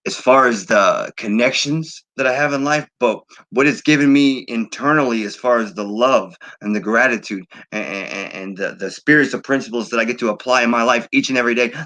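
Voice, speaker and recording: A man hosting a recovery livestream, giving heartfelt, repetitive thanks and shout-outs in a casual sign-off. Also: mid-range voice, poor audio.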